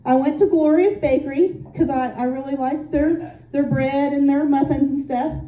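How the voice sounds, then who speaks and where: A woman's voice: high voice, fairly even intonation, moderate pace, dark tone. A woman from Indiana doing stand-up, telling stories in a chatty, self-deprecating way with lots of "um"s. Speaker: stand-up comic. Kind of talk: stand-up comedy set. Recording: echoey room, voice from a distance.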